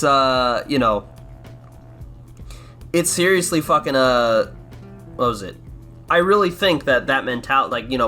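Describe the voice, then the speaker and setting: A man's voice: on the high side, pushed and bright. A man with an American accent hosting a casual commentary podcast, rambling and sarcastic, swearing a lot and restarting his sentences. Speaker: podcast host.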